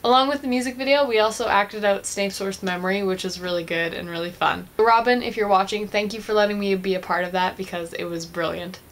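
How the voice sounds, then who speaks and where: A woman's voice: mid-range voice, a little fast, few pauses. A young woman vlogging a casual, chatty movie review, gushing like a fan and giggling often.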